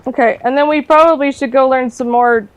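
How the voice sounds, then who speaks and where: A woman's voice: high voice, fairly even intonation, a little fast, clean tone, low-quality recording. A woman co-hosting a game stream, reading out quest objectives and planning next steps in a matter-of-fact way. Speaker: streamer, co-host. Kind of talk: gaming stream chat, reading quest text.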